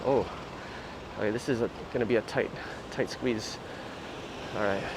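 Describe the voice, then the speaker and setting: A man's voice: lowish voice, moderate pace, very noisy. A man hosting a casual livestream outdoors on city streets, chatting in a rambling way with lots of fillers. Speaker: livestream host.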